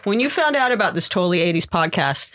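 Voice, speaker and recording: A woman's voice: fairly low pitch, lively intonation, quick pace, a bit bright. A woman hosts a casual music podcast with plenty of enthusiasm. She laughs often and keeps the talk moving between guests. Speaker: podcast host.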